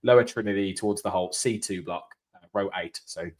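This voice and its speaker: A man's voice: deep voice, fairly quick. A man co-hosting a casual fan chat, telling rambling anecdotes in a chatty way. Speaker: fan channel co-host. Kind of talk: casual match-reaction chat.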